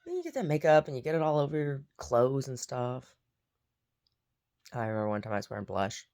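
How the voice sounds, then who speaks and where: A woman chats casually to camera about her day. Her voice sits low with a gravelly fry, yet her pitch rises and falls in a lively way. She rambles and circles back over her own words. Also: brisk. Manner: rambling, repeats herself, chatty. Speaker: painter vlogging her day. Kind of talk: casual chat.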